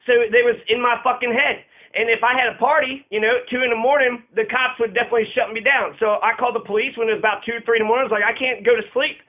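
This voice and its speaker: A man in a casual, profane rant, emphatic and repeating himself for stress. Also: extremely high pitch. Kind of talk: casual ranting monologue. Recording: dull lo-fi recording.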